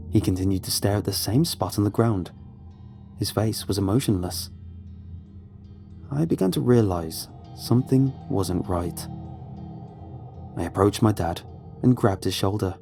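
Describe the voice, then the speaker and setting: Dark-voiced male horror narrator. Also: fairly low pitch. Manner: dramatic, measured storytelling.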